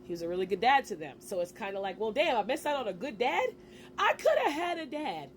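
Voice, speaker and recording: A woman in her forties telling a personal story to camera in a casual, animated way, with slang and quick asides. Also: fairly high pitch, a little hiss or hum. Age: 40s. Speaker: vlogger.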